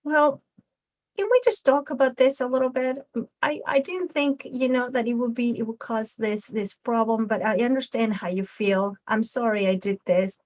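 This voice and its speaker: A woman voicing a male raccoon puppet in a lesson role-play, answering with quick, pushy retorts. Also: fairly high pitch, steady tone, natural voice. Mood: apologetic. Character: male raccoon puppet, brash then apologetic.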